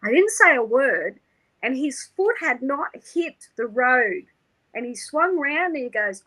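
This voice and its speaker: A woman, an interview guest, tells a personal story in an animated way, laughing often and acting out the people she quotes. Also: high-pitched, unhurried, low-quality recording.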